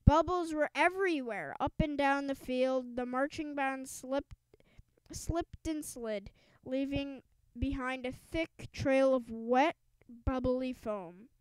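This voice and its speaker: A woman takes her time narrating a children's book like an audiobook reader, her high, smooth, clear voice carrying an emphatic storytelling lilt as she occasionally trips over a word and starts it again. The poor-quality recording is dry and close-miked, with no sense of a room.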